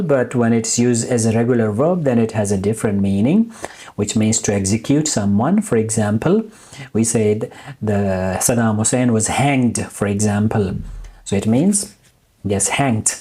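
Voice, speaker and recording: A man teaching English in a recorded lesson, slowly drilling verb forms and repeating each one deliberately. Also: medium pitch, darkish tone.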